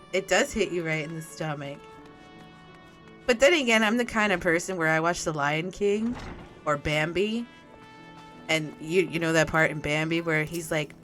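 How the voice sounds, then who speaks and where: A woman's voice: low voice, a bit bright. Sassy, chatty woman streaming a game. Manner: sassy, chatty, laughs often, talks to game characters. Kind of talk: casual live-stream gameplay chat.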